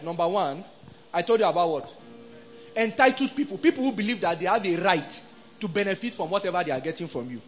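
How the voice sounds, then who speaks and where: Animated Nigerian pastor, high lively voice. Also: male voice. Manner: animated, call-and-response preaching, acts out quoted voices. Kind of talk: sermon.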